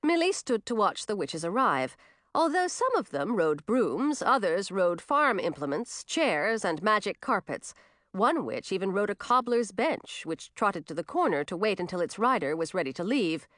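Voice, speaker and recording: A woman narrating a storybook in an expressive, animated way. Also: medium pitch, moderate pace, no echo, studio quality.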